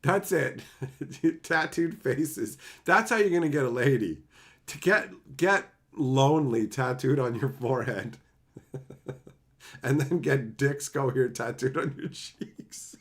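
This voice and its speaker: A man from Canada streaming live, reading chat and joking crudely with lots of laughter, sometimes dropping into low, earnest advice. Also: takes it slowly.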